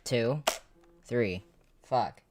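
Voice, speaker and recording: Brief: woman streamer, very deep voice, rambling casual chat with some swearing, faint noise behind. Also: extremely slow, darkish tone. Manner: rambling, swears, talks to herself while working. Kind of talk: casual livestream chat while tinkering.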